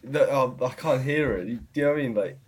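A young man, a student guest chatting casually, relaxed and self-deprecating. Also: mid-range voice, fast, a little hiss or hum. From Surrey, England. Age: young adult. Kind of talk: casual interview chat.

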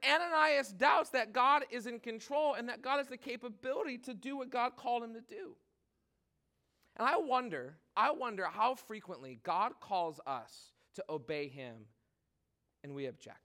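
High, bright-voiced animated male preacher. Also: normal speed. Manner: casual, animated preaching with frequent "like". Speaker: pastor. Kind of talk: sermon.

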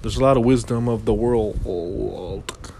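A man's voice: lowish voice, slow pace, creaky, mellow, a little hiss or hum. A man hosting a casual motivational monologue, rambling and philosophical, with lots of "you know".

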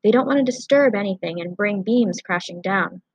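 A woman's voice: mid-range voice, normal speed, husky, no room sound, muffled recording. A woman voicing a burly, heavy rescue man speaking matter-of-factly in an audiobook. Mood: steady. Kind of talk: audiobook character voice.

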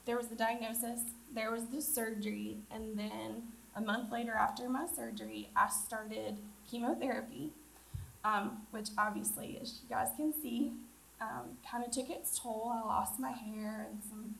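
A woman sharing a personal testimony at church, halting, with frequent ums. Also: on the high side, steady tone, vocal fry, slight background noise. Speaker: church member giving testimony. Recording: distant voice over loud music.

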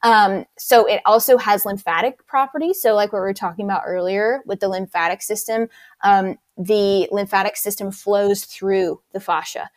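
Casting: woman instructor, keen explainer, dry close recording, mid-pitched. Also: fairly even intonation, normal speed, no room sound. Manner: enthusiastic and detailed explainer. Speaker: movement instructor. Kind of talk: explanatory interview answers.

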